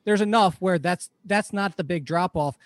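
A man's voice: sits high, normal speed, no room sound. A man hosting a fantasy football podcast, chatty and rambling in casual talk. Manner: chatty, rambling, laughs easily. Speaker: podcast host.

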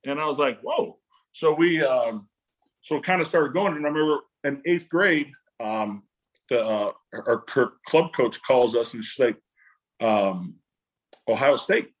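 Husky man telling animated stories. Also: a little slow. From Illinois. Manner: animated, acts out quotes with jumps in pitch. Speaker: guest, parent of a volleyball recruit. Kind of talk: casual storytelling.

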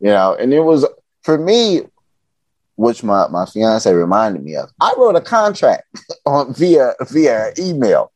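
Here a Chicago man guests on a podcast, his mid-range voice moving at a measured pace with no room sound. He spins casual stories, voicing other people's lines with animation and a little profanity.

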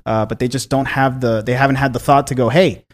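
A man's voice: mid-range voice, fairly even intonation, brisk. A man chatting on a podcast with a middle-range voice. He swears freely, rambles, and laughs often as he makes his points. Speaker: podcast co-host. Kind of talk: casual chat.

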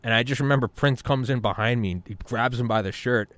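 A man in his thirties hosting a podcast, telling stories in an animated, casual way, swearing freely and repeating words. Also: mid-range voice, fast, no room sound. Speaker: podcast host. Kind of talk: casual storytelling chat.

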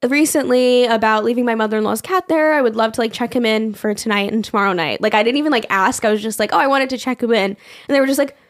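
A woman's voice: on the high side, quick pace. A young woman co-hosting a podcast, telling a story in casual chat, acting out quotes, laughing often and swearing. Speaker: podcast co-host.

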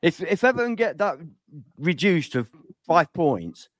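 A man's voice: fairly high pitch, sing-song, unhurried, fairly bright tone, dry recording, clean studio sound. A man co-hosting a live-stream podcast, angry and stressed, ranting and repeating himself as he argues over a video call. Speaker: podcast co-host and fan. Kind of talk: heated live-stream argument.

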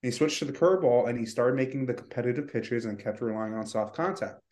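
A man's voice: medium pitch, quick pace, a little mellow. A man co-hosting a sports podcast, talking in a rambling, frustrated way with many "you know"s. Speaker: podcast co-host. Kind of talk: casual sports chat.

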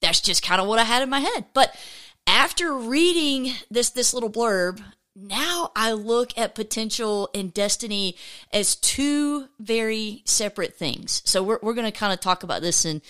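A woman hosting a faith podcast in a casual, chatty way, with a fairly high, smooth and resonant voice. She talks in an upbeat rush, rambles, and restarts her sentences a lot. It sounds like relaxed solo talk to listeners. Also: normal speed. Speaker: podcast host.

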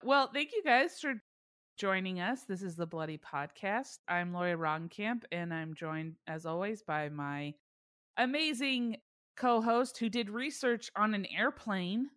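A woman hosting a casual podcast chat, her pitch sitting in a mid range. She pokes fun at herself and laughs easily as she talks with her co-hosts. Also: expressive, measured pace, fairly bright tone. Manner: self-deprecating, laughs often. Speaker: podcast host.

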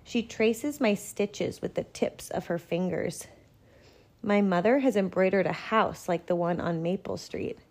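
Mellow-voiced woman reading a picture book. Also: mid-range voice. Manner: gentle, measured storytelling. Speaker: storybook reader. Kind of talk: picture-book read-aloud.

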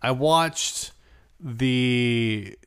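A man's voice: medium pitch, extremely slow, smooth. A man co-hosting a casual podcast, rambling and self-deprecating, often trailing off mid-thought. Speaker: podcast co-host. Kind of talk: casual chat.

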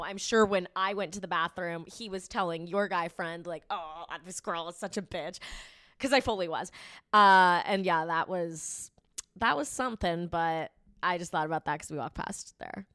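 A young woman co-hosting a podcast, telling a story in casual chat, swearing freely and getting louder when she is animated. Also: lowish voice, no room sound, clean studio sound. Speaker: podcast co-host.

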